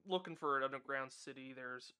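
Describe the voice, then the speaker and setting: A man's voice: mid-range voice, fairly quick, sharp tone, smooth. A man playing a tabletop game, talking in casual, profane banter. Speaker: player.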